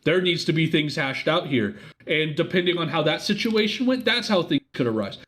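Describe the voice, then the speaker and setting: Argumentative man with a high voice. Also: expressive, normal speed, fairly bright tone. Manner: argumentative, rambling, storytelling with restarts. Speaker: podcast co-host. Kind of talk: casual chat.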